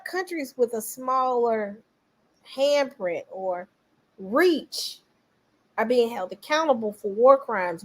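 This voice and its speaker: A woman giving casual political commentary, animated and talking straight to her viewers. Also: a little high, slightly rough, poor audio. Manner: animated, talks back to viewers, quotes others in voices.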